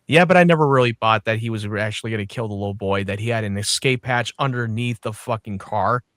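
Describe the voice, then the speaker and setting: A man's voice: on the low side, fast, fairly bright tone, no echo, clean studio sound. A man co-hosting a podcast in casual chat, blunt and swearing as he critiques. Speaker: podcast co-host.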